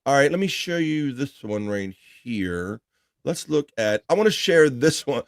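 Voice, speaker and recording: A laid-back man with a Baltimore accent hosts a casual livestream, chatting loosely and reading viewer comments aloud. His voice sits at an ordinary middle pitch and sounds close and dry, with no room echo around it. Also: big pitch swings, a little slow. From Baltimore area, United States. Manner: easygoing, reads viewer comments aloud, laughs easily. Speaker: livestream show host.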